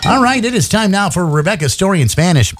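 A man's voice: sits high, very animated, fast, loud music behind the voice. A man hosting a radio show in casual banter, rambling and stumbling over his words with many fillers. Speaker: radio host.

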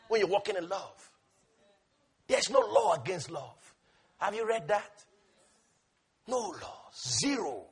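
A man preaching a sermon, impassioned and repetitive, swinging between shouting and hushed tones. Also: high-pitched, sing-song, slow, long pauses, husky.

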